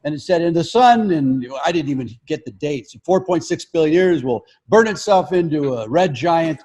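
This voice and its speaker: Animated older man telling stories. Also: on the high side. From Colorado. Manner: animated, acts out quotes, halting restarts. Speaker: guest comedian. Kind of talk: casual chat.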